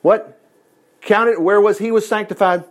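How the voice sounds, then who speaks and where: A man's voice: high-pitched, a little slow. A male preacher giving a conversational sermon to a congregation in a room, acting out the voices he quotes. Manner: animated, acts out quoted voices.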